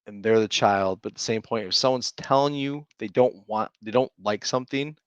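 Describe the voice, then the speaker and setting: Laughing dad telling stories, lo-fi. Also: male voice, fairly low pitch, a little fast, clear, resonant tone, no room sound. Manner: animated storyteller, laughs often. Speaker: podcast co-host. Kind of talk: casual podcast chat. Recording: dull, lo-fi dry sound.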